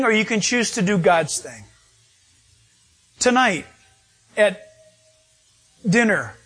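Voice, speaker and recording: A man's voice: high voice, a bit bright, breathy edge. A man preaching a sermon, reading scripture and asking the congregation rhetorical questions. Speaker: pastor.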